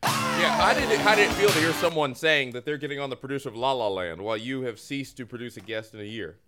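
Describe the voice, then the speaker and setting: A man's voice: medium pitch, lively intonation, fast talker, over loud music. A man hosting a casual sports podcast, joking and self-mocking through ad reads and a sports report. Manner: jokey, playful, self-mocking. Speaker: podcast host. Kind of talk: casual chat and comic ad reads.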